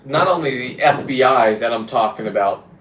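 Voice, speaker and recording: His mid-range voice is expressive and fairly bright, moving at normal speed. A free diver and vlogger, he chats to camera about diving in a rambling, blunt way with the odd swear, recorded with a roomy echo and faint background noise.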